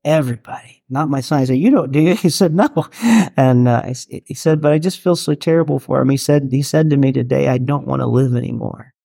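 An earnest middle-aged man speaks to a small group in a mellow, warm voice. He talks conversationally and keeps doubling back to restart his sentences. The sound is close and dry, with no room around it. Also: mid-range voice, fairly quick, creaky, no echo. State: getting teary. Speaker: worship leader and chaplain teaching a workshop. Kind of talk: talk to a live group.

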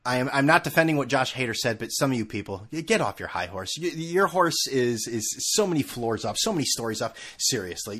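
Husky, heated male podcast ranter. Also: medium pitch, a bit bright. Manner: profane, sarcastic, heated, full of restarts. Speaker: podcast host. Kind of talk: solo podcast rant. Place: room at home.

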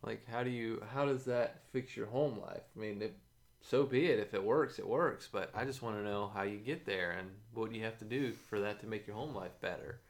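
A man's voice: fairly low pitch, normal speed, vocal fry. A man co-hosting a podcast in casual chat, joking and laughing often. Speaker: podcast co-host.

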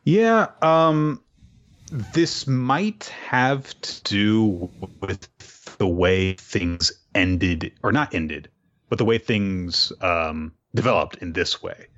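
On a podcast, a male co-host recaps manga chapters in casual chat, animatedly retelling them and acting out the characters' lines as he goes. His voice is on the low side and extremely slow, and the audio sounds dull.

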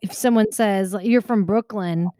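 A woman in casual podcast chat, telling a joking story in an animated way. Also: medium pitch, moderate pace, no echo, studio quality.

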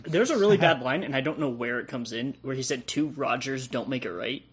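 A man's voice: medium pitch, a little fast, husky. A young man joining a casual movie review chat as a guest, hesitant and chuckling as he asks about scenes. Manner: hesitant, chuckling between questions.

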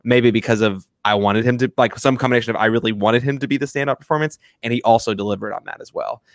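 A man's voice: mid-range voice, steady tone, quick pace, dry recording, clean studio sound. A man co-hosting a casual film review chat, rambling with many restarts and fillers. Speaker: film review podcast co-host.

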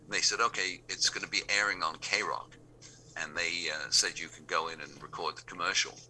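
A man's voice: sits low, steady tone, normal speed, bright, forceful tone, a little hiss or hum. A man with an English accent, a radio DJ telling anecdotes and acting out the dialogue of the people in them. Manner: acts out remembered dialogue in quoted voices. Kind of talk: anecdotal storytelling.

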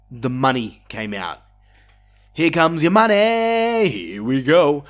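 A man hosting a wrestling podcast, giving a casual, opinionated review monologue with plenty of swearing and bursts of excitement. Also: on the high side.

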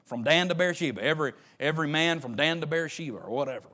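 A high-voiced man preaching a sermon. He goes from hushed and low to loud and shouting, and he repeats his phrases in a folksy way. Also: expressive, fast talker, hardly any pauses. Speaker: pastor.

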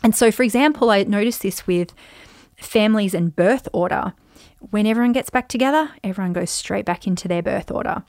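A woman in her forties hosting a casual solo podcast, chatty and animated, acting out quoted voices with sudden jumps in pitch. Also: a little fast, no echo, studio quality. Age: 40s. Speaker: podcast host.

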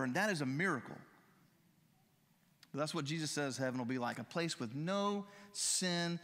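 A male pastor delivers an earnest sermon, his voice sitting a little high and swelling with fervor on the key lines. He preaches in a church sanctuary, and a long hall reverb trails after every phrase. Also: animated, normal speed, pauses often, a bit bright. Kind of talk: sermon with closing prayer.

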